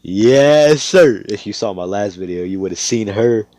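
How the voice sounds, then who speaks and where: A man's voice: sits low, fairly even intonation, fairly quick, warm tone, no echo. A young man telling a fan story in a casual, rambling way, swearing often and leaning on fillers. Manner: rambling, profane, full of fillers.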